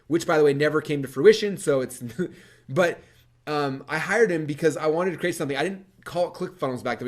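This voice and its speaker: A fast-talking man with a fairly high voice tells his story from a stage. He is animated, acts out his past self in quick quoted lines and laughs often. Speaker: speaker. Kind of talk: energetic stage talk.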